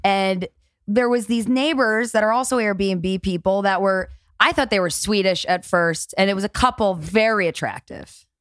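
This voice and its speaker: A woman co-hosting a podcast, telling stories in a brash, loose way. She swears freely and laughs often. Her voice sits at an ordinary middle pitch and is recorded close and dry. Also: normal speed, dry recording. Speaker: podcast co-host. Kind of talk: casual chat.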